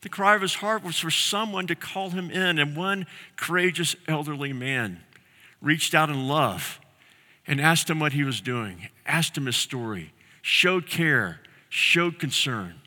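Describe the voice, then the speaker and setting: A male pastor delivers a sermon with a sharp, bright and fairly high voice. He tells a story earnestly and slows down to lean on key phrases. A long reverb trails every line, as in a large hall.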